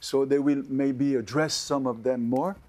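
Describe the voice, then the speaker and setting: An older French-accented actor talks in a mellow, warm tone during a TV interview. He pauses often and fills the gaps with "uh" and "you know" while he gathers his thoughts. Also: mid-range voice, fairly even intonation. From France. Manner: hesitant, many fillers and restarts. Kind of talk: TV interview chat.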